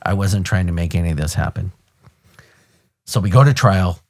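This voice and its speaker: A man in his fifties from the United States, a podcast host and retired police officer, telling a story in a blunt, animated way and swearing casually. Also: sits low, normal speed. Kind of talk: conversational storytelling.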